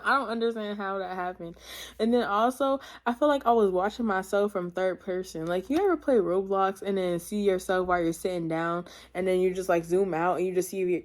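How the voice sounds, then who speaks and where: A woman's voice: lowish voice, darkish tone. A young woman in her teens telling a personal storytime testimony in casual slang, rambling with many fillers and talking to her viewers. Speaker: vlogger.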